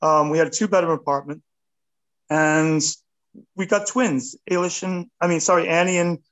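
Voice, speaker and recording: A man in his fifties, an artist talking casually in an interview, animated and rambling, with a self-deprecating touch. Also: fairly high pitch, normal speed, poor audio. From United States. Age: 50s. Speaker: artist guest.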